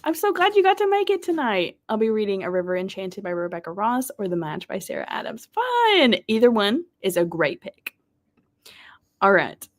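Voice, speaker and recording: A woman hosting a live reading stream, chatting casually, reading viewers' messages aloud, often laughing and sometimes dropping to a soft whisper. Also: medium pitch, huge pitch swings, moderate pace. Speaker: livestream host of reading sprints.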